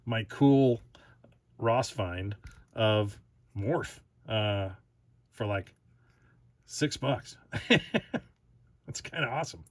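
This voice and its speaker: A man's voice: mid-range voice, fairly bright tone, no room sound. A man hosting his own toy review channel, talking casually, giggling often and restarting his sentences.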